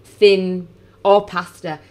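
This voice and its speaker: Chatty woman with a lowish voice. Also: little pitch movement, very slow, a little mellow. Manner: chatty, laughs easily. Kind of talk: casual chat.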